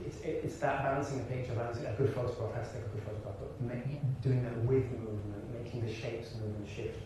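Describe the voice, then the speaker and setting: Quick-paced and mid-range in voice, a man from Birmingham, England, an actor and director, is the interview guest in an onstage conversation in front of an audience in a large hall. He tells animated stories with frequent restarts and laughter. It's recorded from far off, echoey, with hiss in the background.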